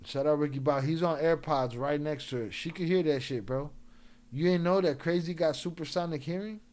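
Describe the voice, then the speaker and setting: A man's voice: a little high, brisk, a little mellow. A man hosting a live stream in loose, joking slang, laughing often, a few drinks in. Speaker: livestream host. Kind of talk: casual live-stream chat.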